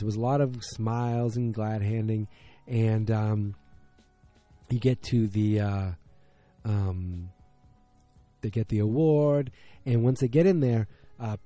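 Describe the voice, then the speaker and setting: Chatty man with a dark voice. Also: medium pitch. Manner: chatty, many ums, quotes characters loosely. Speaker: podcast host. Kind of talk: casual episode recap.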